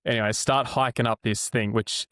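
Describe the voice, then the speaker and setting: This laid-back Australian man, somewhere in his twenties or thirties, co-hosts a podcast and tells a meandering story full of casual swearing. He speaks briskly at a medium pitch, and his resonant, clear voice comes through without any room sound.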